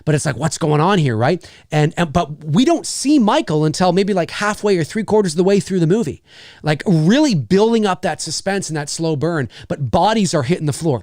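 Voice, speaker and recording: A man chats loosely through viewer questions on his own channel, his pitch swinging widely as he rambles from one half-finished thought to the next. He sits a touch higher than most men, and the sound is close and dry, with no room around it. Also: a little fast, no room sound. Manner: rambling and animated, full of fillers and restarts, swearing. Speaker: channel host. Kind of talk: casual live Q&A chat.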